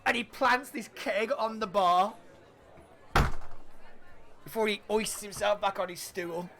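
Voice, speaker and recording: A man narrating as game master in a casual, halting way. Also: high voice, background noise.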